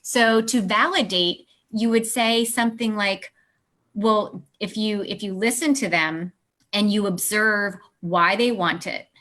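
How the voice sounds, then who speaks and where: A woman speaking as a guest on an interview show about parenting. She explains her ideas by acting out short exchanges between parent and child. Her voice sits at an ordinary middle pitch. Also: unhurried, a bit bright. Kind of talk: interview answers.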